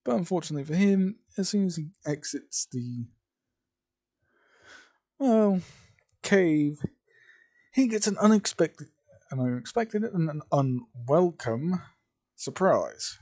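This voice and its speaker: A man narrates a homemade story at a slow, unhurried pace, often stopping to correct himself mid-sentence. His pitch swings widely while the tone stays dark and mellow. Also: animated. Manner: rambling, self-correcting, hesitant. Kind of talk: improvised fan-fiction narration.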